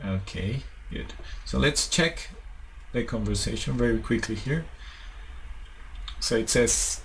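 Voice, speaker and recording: A man's voice: medium pitch, animated, slow pace, creaky, fairly bright tone, slight background noise, rough recording. A man, patiently teaching a one-on-one English lesson and switching to to explain.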